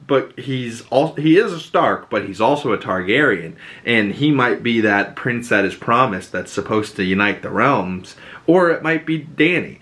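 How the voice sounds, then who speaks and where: A man hosting a podcast, casually recapping a TV episode in an excitable, rambling way, full of "like" and swear words. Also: medium pitch, normal speed. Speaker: podcast host.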